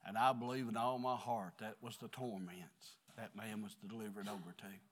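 A middle-aged man preaching an earnest, confessional sermon in a church, swinging between quiet stretches and loud ones. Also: fairly low pitch, steady tone, moderate pace. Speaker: pastor.

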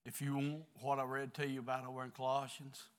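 A middle-aged man preaching an earnest, confessional sermon in a church, swinging between quiet stretches and loud ones. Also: mid-range voice, monotone, a little fast, clear, resonant tone. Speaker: pastor.

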